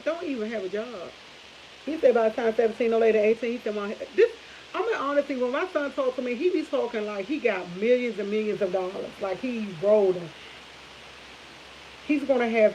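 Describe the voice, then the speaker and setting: A woman's voice: a little high, darkish tone. A woman, telling stories to her viewers in a rambling, chatty way with frequent laughs and restarts. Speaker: vlog host. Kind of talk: casual storytelling chat to viewers. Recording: dull lo-fi audio with faint hiss.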